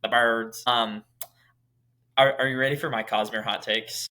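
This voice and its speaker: A man's voice: medium pitch, fairly even intonation, measured pace, pushed and bright. A man hosting a podcast in casual chat, eager and stammering with frequent restarts. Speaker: podcast host.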